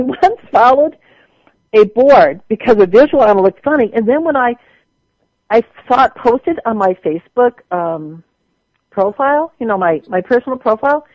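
A woman's voice: a little high, animated, normal speed, no room sound, dull audio. A woman with a Wisconsin accent, a social media tutor talking casually as a radio guest, folksy and chatty. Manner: chatty, folksy, laughs often.

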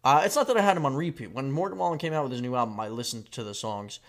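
A man hosting a podcast from a home basement, chatting casually with a rambling deadpan humor and frequent swearing. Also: mid-range voice, very fast. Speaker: podcast host. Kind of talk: casual comedic chat.

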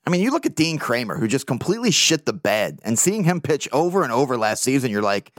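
A man hosting a casual sports podcast, talking as an excited, profane fan with lots of energy. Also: medium pitch, fast talker, no room sound, studio quality. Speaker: podcast host.

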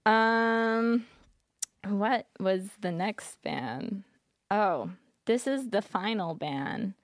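A woman's voice: mid-range voice, very slow, no room sound, studio quality. Candid young woman, filler-heavy chat. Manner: casual, filler-heavy with frequent "like", laughs often. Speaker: podcast guest, former streamer.

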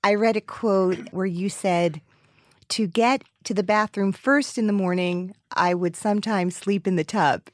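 A woman hosting an interview, asking lively, teasing questions and laughing easily. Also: mid-range voice, unhurried, no room sound, studio quality. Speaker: interview host. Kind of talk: interview conversation.

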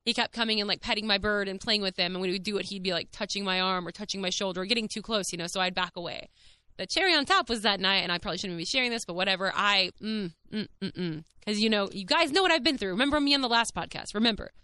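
A woman's voice: medium pitch, fast, sharp tone, clean tone, dry recording. A young woman, candidly telling her own story on her podcast in a chatty, swearing, filler-heavy way. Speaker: podcast host. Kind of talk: casual monologue.

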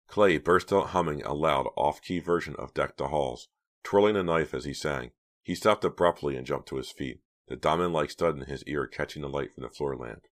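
A man with an extremely deep voice narrates a novel for an audiobook. He reads steadily, in a storytelling way. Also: steady tone, fairly quick. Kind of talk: scripted narration.

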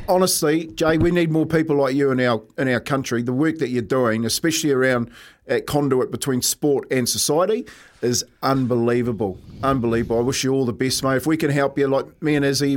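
A man's voice: medium pitch, fairly even intonation, brisk. A man with a New Zealand accent co-hosting a radio show, upbeat and encouraging. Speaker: radio co-host. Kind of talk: radio chat.

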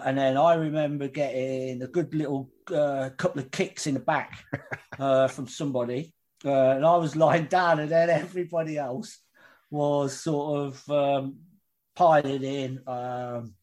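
A man's voice: mid-range voice, darkish tone. A male guest with a mid-range voice recalls an incident in a casual interview. He talks hesitantly, stopping and restarting often as he searches his memory. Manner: hesitant, full of ums and restarts.

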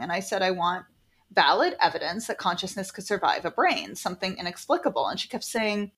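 A woman casually telling a personal story, animated and quoting people in lively voices. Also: mid-range voice, brisk, husky.

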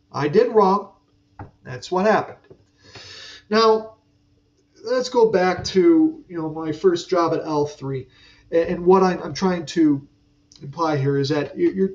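High-voiced man telling a rambling work story. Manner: rambling and profane, with frequent fillers and asides. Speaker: aircraft mechanic podcast host. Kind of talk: casual storytelling monologue. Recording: dull sound from a distant mic.

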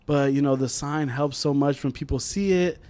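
Podcast co-host, man, slightly high voice, lively storyteller who acts out voices. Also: moderate pace. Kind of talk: casual chat.

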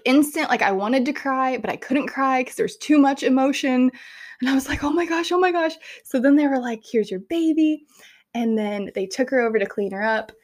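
A young woman in casual, animated storytelling, chatting warmly to her viewers and peppering her talk with "like" and "oh my gosh". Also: on the high side. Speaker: vlogger sharing a birth story.

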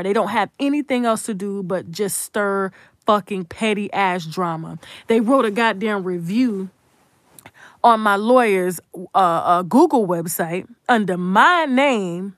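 A woman giving heated, profane live commentary, hammering points with repetition and shifting between hushed asides and loud outbursts. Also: dry recording, clean studio sound. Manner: rises into high, loud outbursts; drops to hushed, whispered asides.

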